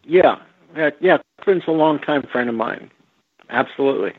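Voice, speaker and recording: A man, a guest on an interview show, recalling stories slowly with many fillers and restarts. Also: fairly high pitch, animated, breathy edge, no room sound. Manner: slow, halting, with frequent fillers and restarts. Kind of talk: relaxed storytelling over a phone line. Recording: tinny phone line, dry.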